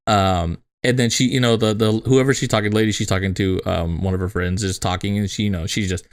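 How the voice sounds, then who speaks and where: A man's voice: lowish voice, fairly even intonation, a little fast, few pauses. Laughing, swearing podcast co-host man. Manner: laughing storyteller, swears freely, acts out quotes. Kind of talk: casual chat.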